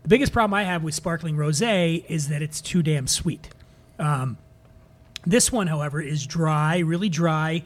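A man's voice: fairly high pitch, moderate pace. A man from Philadelphia hosting a drinks podcast, jokey and profane as he reviews bottles. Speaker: podcast host. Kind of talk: casual podcast monologue.

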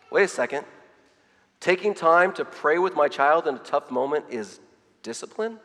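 A middle-aged male preacher with a slightly high voice delivers an earnest sermon, stumbling into repeated words and reading passages aloud. His voice rings out with a long reverb, as if filling a church hall. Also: animated, moderate pace, a bit bright.

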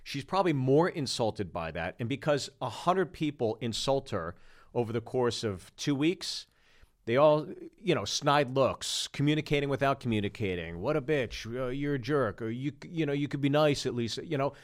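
A man's voice: medium pitch, normal speed. A man co-hosting a podcast, telling stories casually and acting out the quoted lines, with plenty of swearing. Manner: animated storyteller, acts out quoted lines, swears freely. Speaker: podcast co-host. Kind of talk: casual storytelling chat.

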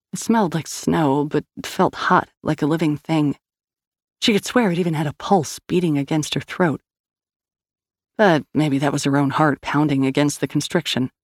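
A woman narrating an audio drama in a steady, measured storytelling voice. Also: low voice, no room sound, studio quality. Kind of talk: scripted narration.

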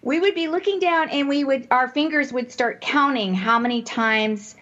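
A woman co-hosting a casual Christian women's talk show, telling stories in an animated way and laughing often. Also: sits high, normal speed. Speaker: podcast co-host. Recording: dull lo-fi audio.

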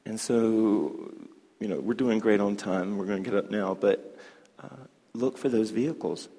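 A man teaching a hoop dance class, chatty and animated, telling stories and laughing often. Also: fairly low pitch, measured pace. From Southern United States. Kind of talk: class talk with storytelling. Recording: long hall reverb.

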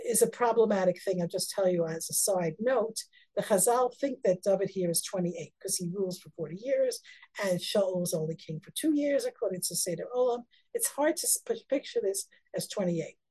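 A woman teaching a text-study lecture, moving between close reading and lively acted-out dialogue. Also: fairly quick, slightly rough. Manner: lively, acts out biblical dialogue with sudden high-pitched bursts. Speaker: Torah teacher.

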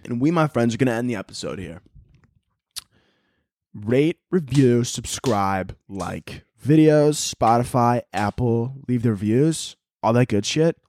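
A man hosting a podcast, riffing in a profane, animated comedic monologue and acting out silly voices. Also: medium pitch, dry recording, clean studio sound. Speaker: podcast host.

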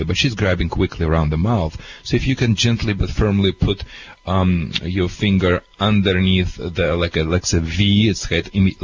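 Deep-voiced accented man giving advice. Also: husky, dull audio. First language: not English. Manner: halting, accented, earnest. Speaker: dog trainer. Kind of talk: call-in advice.

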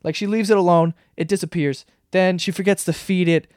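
A young man hosting a solo podcast, retelling a story in a rambling, profane, animated way. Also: high voice, a little fast, no room sound, studio quality. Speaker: podcast host. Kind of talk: solo comedic rant.

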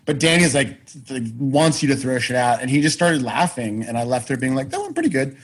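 Husky man telling rambling stories. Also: mid-range voice, a little fast, low-quality recording. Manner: rambling, self-deprecating, frequent restarts and swearing. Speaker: guest, actor and writer. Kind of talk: casual storytelling chat.

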